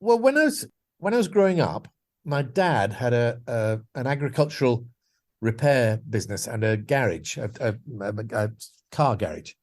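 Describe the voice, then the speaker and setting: A man from the Scottish Borders, a voice actor guest in a casual interview, telling lively anecdotes and slipping into voices. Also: medium pitch, moderate pace. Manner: lively anecdotes, slips into voices and animal noises.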